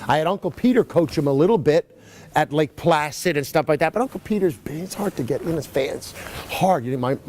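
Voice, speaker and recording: Chatty middle-aged man, lively pitch swings. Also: brisk, slight background noise. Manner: rambling, chatty, full of "you know" asides. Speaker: riding clinician. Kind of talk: casual coaching chat. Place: horse arena.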